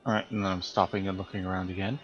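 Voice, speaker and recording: A man playing a tabletop game, halting and thinking aloud as he decides. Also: sits low, little pitch movement, highs cut off, soft background music. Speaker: player.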